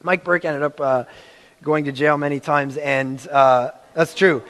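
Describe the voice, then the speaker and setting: A man preaching a sermon, telling a personal story with animated delivery and acted-out quotes. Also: a little high, a little slow, long reverb tail.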